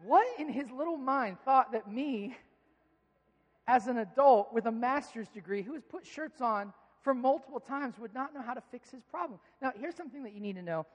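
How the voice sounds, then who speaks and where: With a very high-pitched, animated voice at normal speed, a thirty-something pastor delivers a sermon. He moves from conversational storytelling to emphatic pleading, all heard through long hall reverb.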